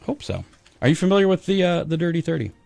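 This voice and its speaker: A man's voice: on the high side, sing-song, quick pace, creaky, darkish tone, faint music behind. A man co-hosting a racing talk show, chatting casually with plenty of fillers. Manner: chatty and upbeat, lots of fillers. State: a little out of breath. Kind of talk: casual radio show chat.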